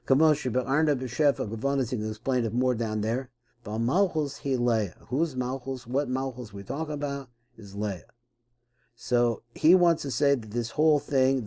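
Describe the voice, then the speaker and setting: A man's voice: mid-range voice, warm tone. A man teaching a text study lesson, reading phrases and then translating and puzzling over them aloud, with frequent restarts and self-corrections.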